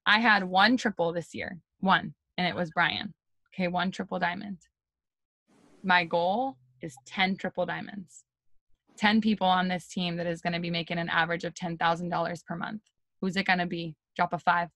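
A woman on a video call giving an energetic, chatty pep talk to her team, full of "like" and "you guys". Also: fairly low pitch, normal speed, dry recording.

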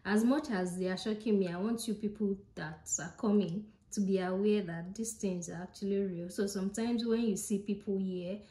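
A woman with a Nigerian accent chats straight to her viewers, warm and mellow in tone. She leans on her points and says them again for emphasis. The sound has a roomy echo around it. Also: mid-range voice, steady tone, normal speed, few pauses. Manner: chatty and emphatic, repeats points directly to viewers. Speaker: vlogger. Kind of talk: casual vlog talk to camera.

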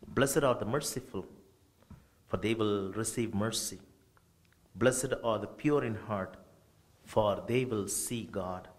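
Male priest, low register, measured liturgical delivery at a funeral.

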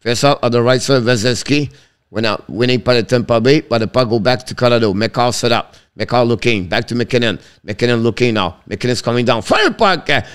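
Excitable man calling hockey. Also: clear, resonant tone. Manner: rapid clipped calls, pitch jumping sharply on shots. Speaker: hockey play-by-play commentator. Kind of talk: live stream play-by-play commentary.

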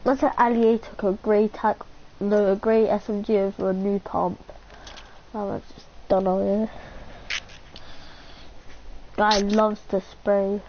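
A woman's voice: mid-range voice, level tone, a little slow, pauses often, a little hiss or hum. A young woman in casual, joking banter while playing a game. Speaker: player. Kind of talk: casual gaming chat. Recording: dull lo-fi mic.

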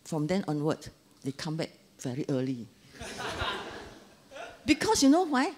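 A woman in her sixties with a Singaporean English accent gives a Dharma talk. She tells stories with a lively, swooping voice and sprinkles in local slang. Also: sits low, takes it slowly. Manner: animated storytelling with local slang. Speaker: Dharma speaker.

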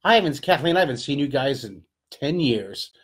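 A man's voice: medium pitch, lively intonation, fairly quick, breathy edge. A middle-aged man from California giving a casual, chatty live drawing lesson, talking to his viewers as he draws. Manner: chatty, upbeat, talks to viewers while drawing. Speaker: drawing teacher.

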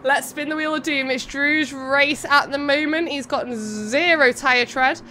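High bright girl streaming a race, bubbly, chatting to chat, faint hiss behind. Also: steady tone, unhurried. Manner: bubbly, giggly, chats to viewers between calls. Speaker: streamer hosting a racing game event. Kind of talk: live race commentary and chat.

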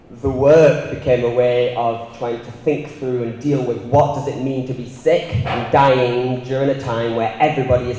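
A man with a Northern English accent giving an art lecture, measured and reflective, partly reading from a prepared text. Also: medium pitch, mellow. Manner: measured and reflective, with filler ums. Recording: roomy hall with long reverb.

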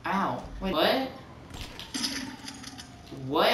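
A man giving casual, excitable gameplay commentary, rambling and repeating his exclamations as he plays. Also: fairly high pitch, unhurried. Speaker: gaming channel host. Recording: roomy, distant mic, noisy.

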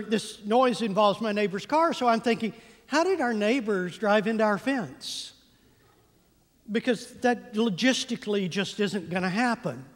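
Male pastor, animated comic storyteller, very high voice, big church-hall reverb. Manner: animated, comic timing, stretches words for effect. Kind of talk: humorous storytelling sermon. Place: church sanctuary.

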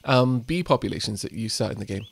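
Guy doing a lets play, jokey, bouncy lively voice, dry close mic. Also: on the low side, fast, vocal fry, husky, no echo. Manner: playful, reads text aloud, jokes, many fillers. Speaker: let's play host. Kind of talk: casual gameplay commentary.

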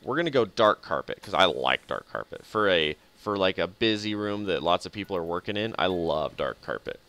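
Chuckling low-voiced man streaming a game. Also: expressive, fairly quick, fairly bright tone. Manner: chuckling, muttering to himself. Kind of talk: casual live gameplay commentary. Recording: faint game music behind.

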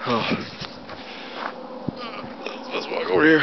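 A young man from North Carolina, out of breath from shoveling, rambling casually to his camera outdoors in deep snow. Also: lively intonation, slow pace. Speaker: vlogger. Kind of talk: casual vlog. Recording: dull low-fi camera audio with faint noise.

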